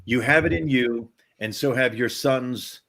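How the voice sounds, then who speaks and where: A man's voice: mid-range voice, measured pace, a bit bright. A man taking part in an online class. He reads a passage aloud and then adds his own earnest comments. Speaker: class participant reading aloud. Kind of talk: reading a text aloud and commenting.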